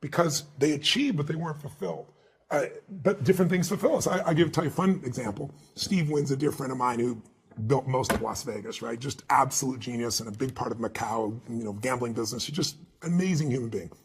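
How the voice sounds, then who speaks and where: A man being interviewed as an author, telling stories in an emphatic, animated way and acting out the dialogue. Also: mid-range voice, quick pace, husky. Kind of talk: interview storytelling.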